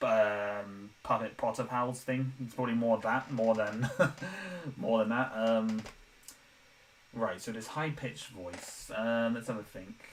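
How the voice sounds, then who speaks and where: A man's voice: medium pitch, takes it slowly, far from the mic, slight background noise, low-quality recording. Chatty young man with a dry throat. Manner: self-deprecating, chatty, laughs often. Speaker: animator streaming live. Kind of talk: casual live-stream chat. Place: home room, window open.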